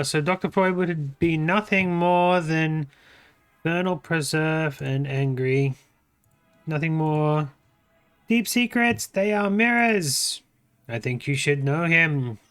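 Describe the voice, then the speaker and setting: An Australian man playing a game for his channel, reading its text aloud in his own voice, his pitch swinging up and down. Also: steady tone, slow pace, a bit bright, clean tone. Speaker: gaming YouTuber. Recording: faint game music behind the voice. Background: faint game music.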